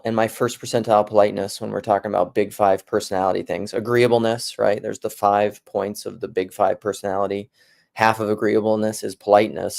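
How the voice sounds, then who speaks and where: A man's voice: on the low side, vocal fry, a little mellow. A man from South Dakota talking casually, wandering between ideas with many restarts and self-corrections. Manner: digressive, thinks aloud with many restarts. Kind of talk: casual rambling talk.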